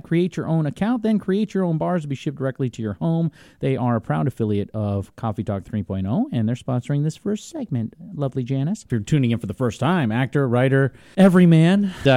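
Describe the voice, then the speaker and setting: A man's voice: medium pitch, warm tone, dry recording. A young man hosting a talk radio show, chatting casually in a studio and laughing often.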